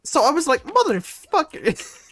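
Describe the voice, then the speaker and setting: A man's voice: a little high, very animated, measured pace, a bit bright. A young man chatting casually on a live stream while gaming, rambling animatedly and laughing often.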